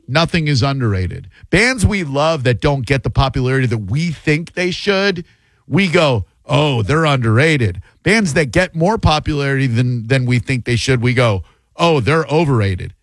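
A man's voice: mid-range voice, no echo. A man hosting a call-in radio show, wry and opinionated, holding forth at length.

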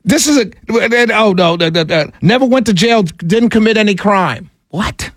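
High-voiced exasperated male ranter. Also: normal speed, no room sound, clean studio sound. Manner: exasperated, incredulous, stammers and laughs. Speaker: political commentator. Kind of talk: ranting commentary to an audience.

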